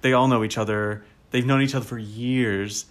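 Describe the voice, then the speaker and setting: A man co-hosting a podcast in casual chat, animated and enthusiastic, laughing often and using a lot of fillers. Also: medium pitch, moderate pace. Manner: frequent fillers such as "like". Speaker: podcast co-host.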